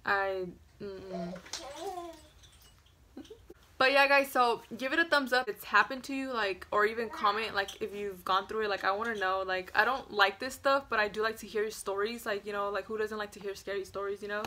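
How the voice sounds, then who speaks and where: A woman in her twenties, a vlogger telling a story to camera in a rambling, casual way, full of "like" fillers, hushing at the scary parts. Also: mid-range voice, normal speed, a little hiss or hum.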